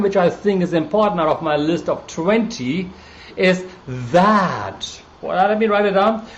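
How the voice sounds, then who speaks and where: A man with a German accent talks casually to a live-stream audience, greeting viewers by name between his points. His voice sits fairly high for a man, and his delivery is relaxed and chatty. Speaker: coach hosting a live stream.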